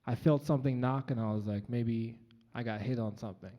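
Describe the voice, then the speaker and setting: A man's voice: medium pitch, fairly quick, dark tone. A young man from Colorado telling a personal story live on stage, earnest and conversational with frequent ums, through a stage microphone. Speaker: featured storyteller. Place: large event hall, on stage. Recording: dull, echoey live hall recording.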